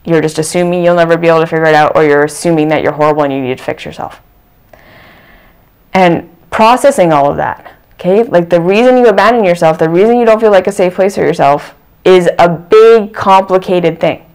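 Smooth-voiced earnest self-help vlogger. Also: mid-range voice, brisk, darkish tone. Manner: earnest, repeats phrases for emphasis. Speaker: channel host. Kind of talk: reflective self-help talk.

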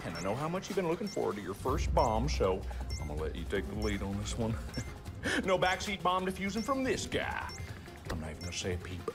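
An actor playing a cocky, jovial veteran bomb technician who talks in a jokey, boastful way. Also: male voice, fairly low pitch, huge pitch swings, quick pace, music in the background.

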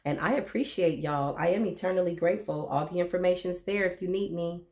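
A woman reads tarot cards straight to her viewers. She talks in a sassy, preachy way, swinging from soft blessings to loud, dramatic call-outs. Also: on the low side, brisk. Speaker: tarot reader. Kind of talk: tarot reading monologue.

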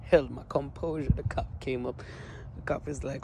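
A man vlogging in a relaxed, storytelling way, laughing often and swearing freely as he acts out what others said. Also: mid-range voice, takes it slowly, slight background noise. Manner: animated, laughing, profane, slangy, quotes others in his telling. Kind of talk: casual storytelling.

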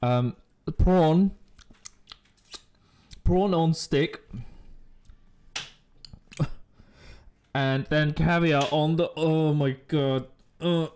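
A man's voice: a little high, steady tone, drawn-out words, pauses often, darkish tone, slight background noise. A man chatting casually on a live stream, joking and rambling while he eats at his desk mic. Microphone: desk microphone.

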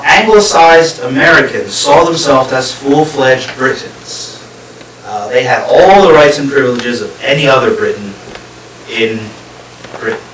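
A man's voice: medium pitch, a bit bright. A man giving a public history lecture to a live audience, explaining step by step and putting questions to the listeners. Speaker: guest lecturer. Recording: echoey room, distant mic, faint hiss.

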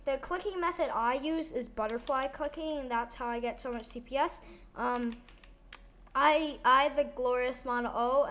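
High-voiced rambling gaming tutorial host. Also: female voice, fairly bright tone, a little hiss or hum. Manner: rambling, many fillers and restarts. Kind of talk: casual gameplay tutorial commentary.

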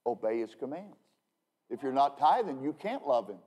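A man's voice: mid-range voice, very animated, moderate pace, mellow, a little hiss or hum. A man who is a pastor, preaching a casual evening sermon in a joking, rambling way, with emphatic bursts and frequent restarts. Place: church.

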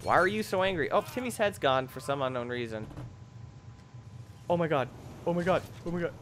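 A young man giving excitable, jokey commentary over a video game, bursting into shrieks and yells. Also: on the high side, brisk, a little hiss or hum. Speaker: gameplay commentator. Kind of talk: let's play commentary.

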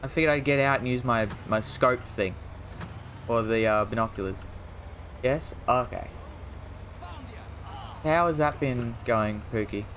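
A man's voice: medium pitch, a little slow, pauses often, a bit bright, a little hiss or hum. Chatty man yelping over a game. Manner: rambling, self-mocking, yelps at the game. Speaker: gaming streamer. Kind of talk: casual gameplay commentary.

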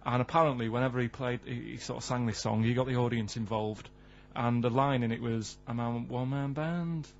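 A man with a whiny Mancunian accent, rambling through deadpan anecdotes on a radio show. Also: medium pitch, brisk, creaky. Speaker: radio producer. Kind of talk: casual radio banter. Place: radio studio. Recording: dull radio broadcast, faint hum.

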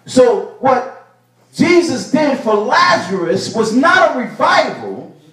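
A male pastor preaching a sermon, building to loud bursts and repeating his phrases. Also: extremely high pitch, very animated, takes it slowly. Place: church sanctuary. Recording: echoey church room, mic at a distance.

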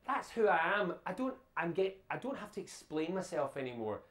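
A man's voice: sits high, big pitch swings, a little fast, fairly bright tone, echoey room. A Scottish man giving an interview, talking bluntly and animatedly. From Scotland. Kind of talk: emphatic casual talk.

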